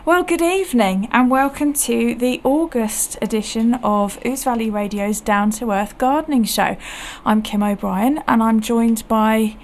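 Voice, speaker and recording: A woman's voice: a little high, a little slow. A woman hosting a local radio gardening show, chatty and friendly, with frequent ums. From England. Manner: chatty, warm laughs, lots of ums. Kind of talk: casual radio chat.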